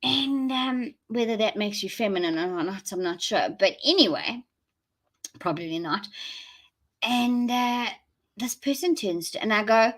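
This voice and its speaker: A woman's voice: medium pitch, a little slow, fairly bright tone. A woman with a South African accent, chatting casually and rambling to viewers during a live stream, laughing often. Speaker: livestream host.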